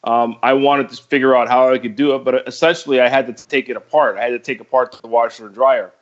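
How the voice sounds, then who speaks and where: A man on a casual podcast, talking in a relaxed, practical way with plenty of fillers. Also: medium pitch, fast talker, dull audio. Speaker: podcast co-host.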